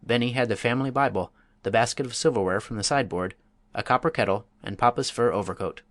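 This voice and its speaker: A man narrating a classic story as an audiobook, in a measured, even storytelling voice. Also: medium pitch, dry recording.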